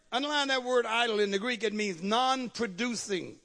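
A man's voice: very high voice, moderate pace, hardly any pauses, bright, forceful tone. A man preaching a sermon as pastor, calling out to the congregation and repeating key phrases.

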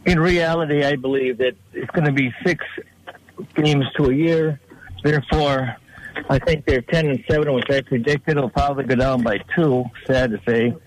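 A man phoning in to a sports radio show, talking haltingly in a list with many fillers. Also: medium pitch, steady tone, a little hiss or hum, low-quality recording. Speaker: caller. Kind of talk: phone-in call.

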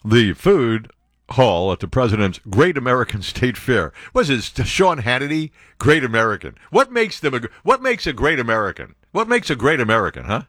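An older man hosting a radio talk show, rambling and joking with asides and quick impressions. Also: medium pitch, very animated, a bit bright, dry recording, studio quality. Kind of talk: casual talk radio banter. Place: radio studio.

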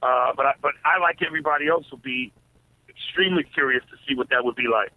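A man who is a stand-up comedian, talking as a guest in a casual interview. He speaks in a relaxed way and stutters on repeated words. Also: medium pitch, fast, no room sound. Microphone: phone. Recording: tinny phone line.

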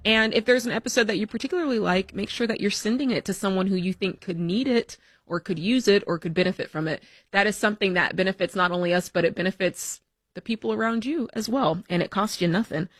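A woman's voice: mid-range voice, fast, no echo. Upbeat, chatty woman co-host. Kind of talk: casual radio show chat.

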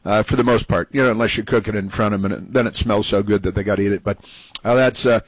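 A man's voice: fairly low pitch, steady tone, fast talker, no room sound, poor audio. A man hosting a talk radio show, rambling and mocking in his opinionated commentary.

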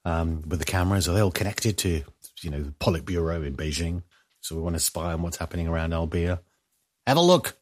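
Rambling, low-voiced man riffing on the news. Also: fairly even intonation, fast talker. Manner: rambling, jokey asides, trailing off into low mumbles. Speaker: news commentary host. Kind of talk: casual news commentary.

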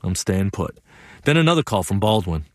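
A young actor narrating a one-man stage play as an earnest young man, telling the story in a lively, wry way. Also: low voice, moderate pace, dry recording, clean studio sound.

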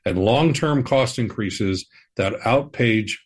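A man hosting a money podcast, explaining personal finance in a measured, reassuring way. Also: medium pitch, husky. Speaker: financial advisor, podcast host. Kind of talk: scripted personal-finance talk.

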